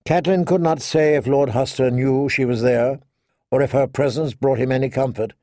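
A man narrating a fantasy audiobook in a measured, even storytelling manner. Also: medium pitch, dry recording, studio quality.

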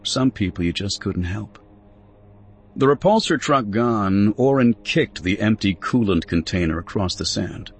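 A man reading a story aloud with a low, husky voice. His delivery rises and falls with lively, expressive pitch, as in a steady audiobook narration. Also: measured pace.

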